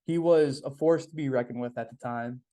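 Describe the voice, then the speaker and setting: A young man hosts a podcast solo, his mellow voice sitting at a medium pitch and moving at normal speed. He rambles casually and upbeat, with lots of "um"s and phrases he repeats.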